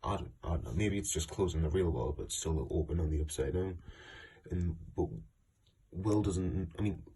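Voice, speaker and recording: A man's voice: low voice, normal speed, mellow, slight background noise. A man retelling a comic story in a casual spoken review, rambling with many "like" and "and then" restarts. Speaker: fan forum moderator reviewing comics.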